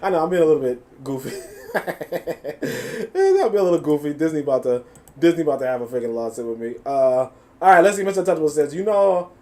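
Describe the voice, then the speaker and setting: A man with a New York accent giving animated, profane live reaction commentary. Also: fairly high pitch, quick pace, a little hiss or hum. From USA. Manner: animated, profane, laughing asides. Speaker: reaction streamer.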